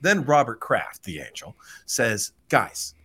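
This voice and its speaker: Animated man retelling a story. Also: mid-range voice, normal speed. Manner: energetic retelling, slips into voices. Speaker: sports talk show host.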